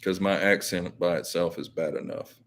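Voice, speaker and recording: Man, very deep voice, rambling live-stream host who talks to his viewers. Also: fairly even intonation, normal speed. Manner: rambling, filler-heavy, self-correcting. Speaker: YouTube channel host.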